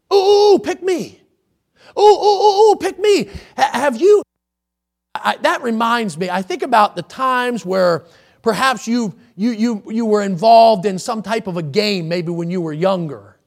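A man with a very high, gravelly voice preaches a sermon from the church pulpit. He swings into emphatic, near-shouted scripture quotations and then settles back into plain explanation. The gravel in his tone is audible throughout. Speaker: pastor. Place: church sanctuary.

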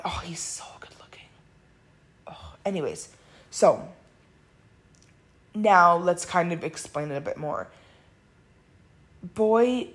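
A woman with a slightly low voice talks her way through a casual solo podcast. She is blunt and chatty, swears freely, fills her sentences with "like", and laughs often. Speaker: podcast host. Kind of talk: candid casual monologue.

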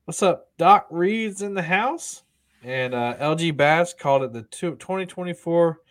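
A man's voice: on the high side, animated, a little slow, a bit bright. A man co-hosting a podcast, chatting casually and rambling with frequent laughs and restarts. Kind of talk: casual chat.

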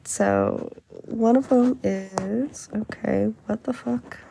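A woman's voice: medium pitch, slow, creaky, warm tone, a little hiss or hum. A woman hosting a casual podcast, reading an article aloud in a chatty, amused way with frequent fillers. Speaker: podcast host.

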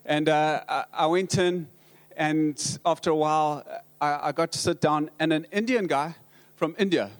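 Here a pastor, a man with a South African accent and a slightly high voice, weaves comic tales into his sermon. The telling is halting, with frequent restarts and dry jokes.

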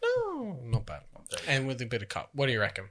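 Very animated, teasing man. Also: mid-range voice. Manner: teasing, quick to laugh. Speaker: podcast co-host. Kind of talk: casual chat.

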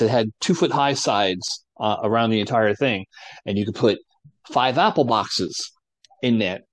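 A man's voice: medium pitch, no echo. A man in a casual chat, easygoing and explaining things step by step. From New Jersey. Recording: dry close sound.

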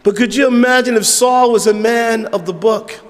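Fervent pastor preaching in a reverberant hall. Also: male voice, very high voice, fairly even intonation, moderate pace, a little hiss or hum. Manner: preaching with sudden drops to hushed asides. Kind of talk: sermon. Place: church sanctuary. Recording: long church hall reverb.

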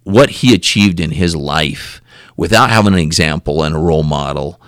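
A man's voice: very deep voice, moderate pace, a bit bright, dry recording, clean studio sound. A man, a podcast guest, telling a story and acting out the dialogue in it, often repeating and restarting words.

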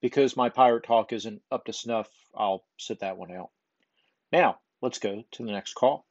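A man's voice: fairly low pitch, moderate pace, darkish tone. A man hosting a podcast, chatting casually and self-deprecatingly, with lots of ums. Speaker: podcast host. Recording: dull lo-fi recording.

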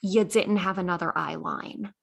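Woman podcast host, husky tone, dry sarcastic delivery, casual chat. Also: lowish voice, fairly even intonation, moderate pace.

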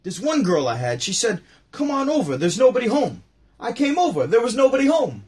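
A man doing an impression of a nervous, wisecracking older male stand-up comic, firing off setups and punchlines in quick succession. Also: very high voice, huge pitch swings, a little mellow, slightly rough, pitched above the performer's own voice, heavily acted. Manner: rapid-fire joke delivery, setup then punchline.

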